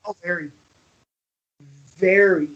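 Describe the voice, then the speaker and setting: A man co-hosting a podcast, excitable and animated, swearing casually in relaxed chat. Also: high voice, takes it slowly, muffled recording. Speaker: podcast co-host.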